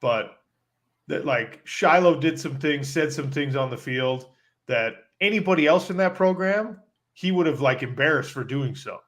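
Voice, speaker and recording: A man co-hosting a podcast, telling a story in a casual, animated way and leaning on "like" as he talks. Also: a little high, normal speed. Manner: animated storyteller, heavy use of "like". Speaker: podcast co-host.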